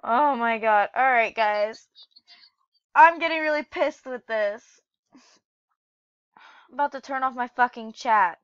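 A woman commentating her own gameplay who gets easily exasperated, swearing and yelling at the other players. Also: fairly high pitch, unhurried, long pauses, clear, resonant tone, dry recording, lo-fi sound. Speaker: gamer playing parkour maps.

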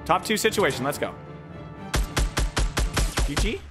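A young man hosting a gaming channel, excitedly narrating his own gameplay and reacting out loud to every shot. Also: high-pitched, a little slow, loud music behind the voice. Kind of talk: live gameplay commentary.

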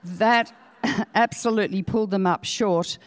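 A woman's voice: mid-range voice, fairly even intonation, measured pace, long reverb tail. Outspoken older Australian woman lecturing. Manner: storytelling, frank and outspoken. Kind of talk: public lecture. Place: lecture hall.

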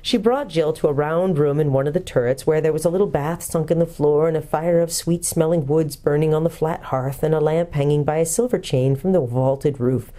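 A woman pastor calmly reading a children's book aloud. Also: low voice, brisk, hardly any pauses.

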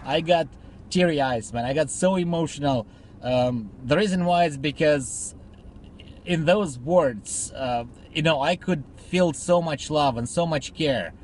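A man's voice: a little high, a little mellow, slight background noise. A man recording a birthday video message for a friend, joking crudely with heavy swearing before turning sentimental.

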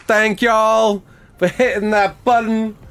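A man doing a put-on American drawl as a folksy character, slow and exaggerated. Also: high voice, level tone, warm tone, clear, resonant tone, pitched above the performer's own voice, heavily acted. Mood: hammy.

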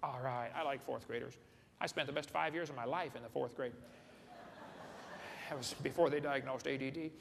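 At a normal speed with long pauses, a man with a medium-pitched voice and vocal fry delivers a funny seminar lecture in a large hall. He's folksy and joking, often questioning the crowd, and the recording is echoey with faint room noise.

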